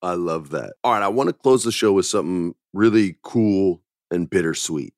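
A man's voice: deep voice, lively intonation, normal speed, dry recording, studio quality. A man hosting a podcast, telling stories in a laid-back casual chat, dropping dude and man. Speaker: podcast host.

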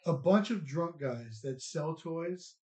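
A toy shop owner speaks in a slightly high, animated, dark-toned voice, taking his time as he chats and rambles with laughter in an echoey store. His laid-back manner in this casual interview chat includes laughing and restarting his sentences. The recording has a roomy echo and a dull, lo-fi quality.

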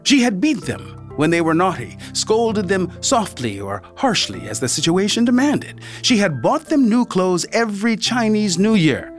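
A man reading a story aloud as narrator, expressive, slowing down and dropping to a near whisper for emphasis. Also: sits high, soft background music.

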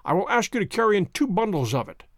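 A man's voice: sits high, sing-song, fast talker, gravelly, fairly bright tone, dry recording, studio quality, exaggerated voice. A man reading a story aloud, voicing a poised, theatrical detective who speaks with precise courtesy. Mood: composed. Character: poised, theatrical male detective, fond of pomp. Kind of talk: audiobook character voice.

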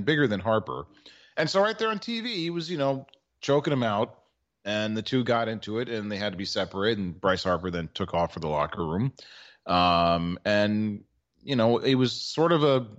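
Wry rambling podcast co-host, lower voice. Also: male voice, highs cut off. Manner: wry, rambling storyteller with filler words. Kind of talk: casual sports chat.

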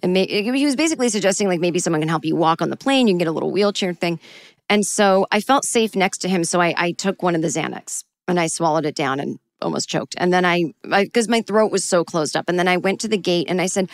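A middle-aged woman tells a personal story with a slightly low voice. She acts out her past panic in sudden high, pleading bursts. The recording is dry and close, with no room sound. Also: fast, dry recording.

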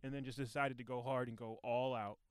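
Comedian guy rambling at home on a podcast mic, smooth voice, dry close sound. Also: medium pitch, fairly quick, no room sound. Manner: rambling, joking, animated. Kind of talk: casual chat. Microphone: new podcast microphones.

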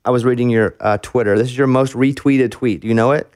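A man hosting a podcast, asking relaxed questions and joking with his guest in casual chat. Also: mid-range voice, quick pace, dry recording, clean studio sound. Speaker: podcast host.

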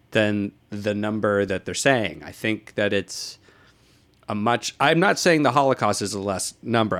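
A young man hosting a podcast, rambling through a casual comedic monologue with sardonic asides, chuckles and profanity. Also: lowish voice. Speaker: podcast host.

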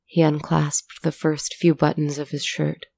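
Slow, gravelly woman storyteller. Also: low-pitched, completely flat delivery, dark tone, dry recording. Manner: measured, dramatic reading. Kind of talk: story narration.

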